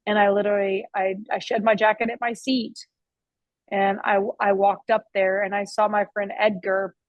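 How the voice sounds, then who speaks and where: This woman owns and cooks at a barbecue restaurant, and she's interviewed there casually, spinning stories with frequent restarts, fillers, and an occasional swear. She has a mid-range voice with little pitch movement and a moderate pace. There's no room sound, and the audio is lo-fi.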